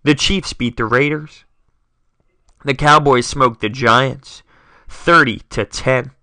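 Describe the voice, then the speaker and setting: A man's voice: mid-range voice, slow pace, pushed and bright, no echo. A young man hosting a solo sports talk podcast, dramatic and self-mocking as he rattles off scores. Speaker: podcast host.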